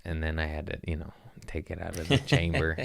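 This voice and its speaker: A young man hosting a podcast, hoarse from screaming and sore, telling comedic stories in a casual chat. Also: extremely low pitch, completely flat delivery, brisk, no room sound, studio quality. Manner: laughing through pain, sore and winded. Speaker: podcast host.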